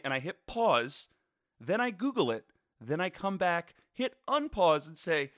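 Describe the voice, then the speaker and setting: A man's voice: fairly high pitch, sing-song, fairly quick, sharp tone. A man hosting a casual solo sports podcast from his bedroom, rambling with jokey, playful asides.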